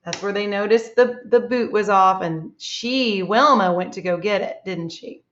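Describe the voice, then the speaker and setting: With a mid-range, slightly bright voice and a measured pace, a woman teacher walks young children through a reading lesson. She's encouraging and praises them a lot. The room echoes and the audio sounds dull.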